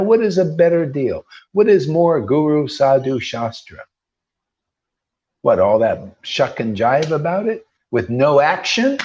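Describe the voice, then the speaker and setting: Male spiritual teacher, fairly high voice, preaches off the cuff with a combative edge and slangy rhetorical jabs; muffled lo-fi recording. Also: a little mellow. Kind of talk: informal preaching. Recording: dull lo-fi recording.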